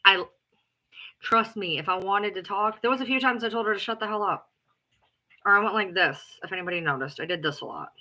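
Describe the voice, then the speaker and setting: Bright-voiced, blunt, profane woman. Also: medium pitch, brisk. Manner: blunt, profane and emphatic, often repeating herself; loud, self-described alpha female. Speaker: live streamer. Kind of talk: casual ranting chat.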